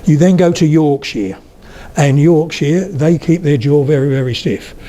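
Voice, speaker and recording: A man's voice: on the high side, measured pace, dark tone. An older man giving a humorous public talk on regional accents, telling anecdotes and demonstrating mouth shapes. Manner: storytelling, demonstrates accents, chatty asides. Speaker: lecturer on accents. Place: hall with a live audience.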